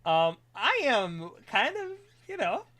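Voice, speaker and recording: A streamer chatting casually on a live stream, excitable and rambling, drifting into quiet mumbling while setting things up. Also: mid-range voice, slow.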